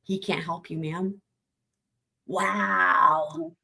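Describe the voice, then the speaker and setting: A woman hosting a livestream, commenting casually on trial footage with animated exclamations and swearing. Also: fairly low pitch, drawn-out words, gravelly. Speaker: livestream host.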